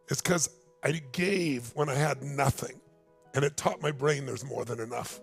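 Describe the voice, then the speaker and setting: A man in his sixties, a motivational speaker telling a story in a keynote talk, emphatic and building to urgent appeals. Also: fairly high pitch. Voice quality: gravelly.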